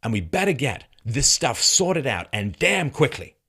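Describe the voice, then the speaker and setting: A male commentary host giving an emphatic, sarcastic monologue full of rhetorical questions and chuckles, dropping from loud mocking peaks to low, grave tones. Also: sing-song, a little slow, slightly rough. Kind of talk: commentary monologue reacting to a news segment.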